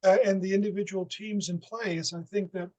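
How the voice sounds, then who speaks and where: A man's voice: sits high, steady tone, moderate pace, warm tone, muffled recording. A man, an author, answering audience questions thoughtfully with some hesitation. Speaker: author presenting his work.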